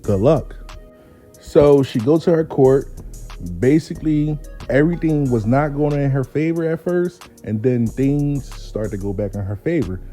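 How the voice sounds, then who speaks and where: Man, dark mellow voice, profane comic storyteller, faint music behind. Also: mid-range voice, moderate pace. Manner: profane, animated, laid-back. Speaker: storyteller host. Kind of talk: comic personal anecdote.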